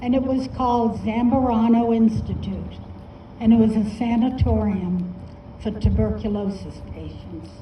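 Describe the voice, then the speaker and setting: A woman's voice: fairly high pitch, moderate pace, mellow. An older woman telling a personal story at a storytelling festival, earnest and encouraging. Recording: distant, echoey, dull with faint noise.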